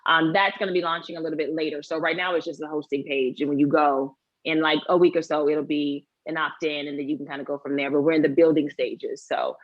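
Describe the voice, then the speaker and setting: Lively woman telling a story. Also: low voice, fast talker, hardly any pauses, no room sound, dull audio. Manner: animated storyteller, acts out quoted voices. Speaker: actor and author guest. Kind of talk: casual interview chat.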